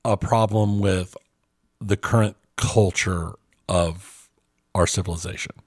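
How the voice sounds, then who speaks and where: Low-voiced male podcast co-host. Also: slow, no echo, clean studio sound. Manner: relaxed, hesitant, many fillers while reading news. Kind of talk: casual chat.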